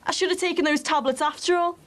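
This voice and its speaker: A high-voiced schoolgirl, pregnant, bitter and sarcastic. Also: fairly even intonation, quick pace, fairly bright tone. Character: pregnant teenage schoolgirl, defiant and hurt. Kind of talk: TV soap drama acting.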